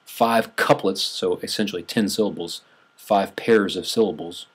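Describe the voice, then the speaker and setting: A man's voice: sits low, normal speed, breathy edge. A man teaching a class in a conversational lecture, restarting phrases and stressing numbers.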